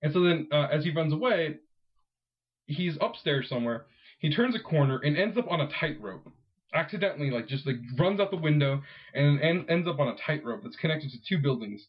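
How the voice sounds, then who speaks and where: A man's voice: on the high side, expressive, fairly quick, dull audio. A man co-hosting a podcast, telling a rambling comic story with many fillers. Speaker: podcast co-host. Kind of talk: casual comedic storytelling.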